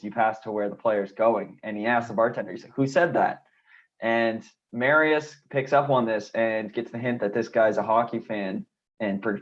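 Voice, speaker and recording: Man chatting, dull lo-fi mic. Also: mid-range voice. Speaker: podcast co-host. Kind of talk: casual TV recap chat. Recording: dull lo-fi sound.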